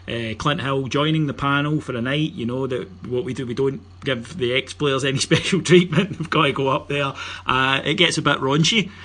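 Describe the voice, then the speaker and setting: A man's voice: medium pitch, moderate pace, few pauses, pushed and bright. A middle-aged man with a Scottish accent hosting a podcast, joking and bantering as he reads out announcements. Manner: joking, banter-heavy, promotional. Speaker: podcast host. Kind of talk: casual podcast chat.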